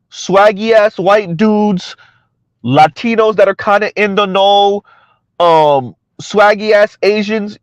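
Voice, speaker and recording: High-pitched man, blunt mocking commentary, dry dull lo-fi sound. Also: no echo. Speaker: commentary channel host. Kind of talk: casual social media commentary.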